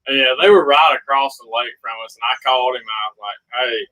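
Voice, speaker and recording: A young man, an angler guest telling a fishing story in a casual interview, animated and acting out the dialogue. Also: medium pitch, fairly quick, rough recording. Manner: animated, reenacts dialogue, laughs often.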